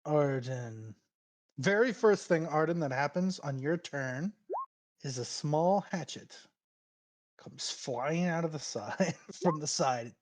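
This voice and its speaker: A man narrating as game master for a tabletop game, chatty and quick to laugh. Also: fairly high pitch. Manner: laughs often, relaxed and chatty.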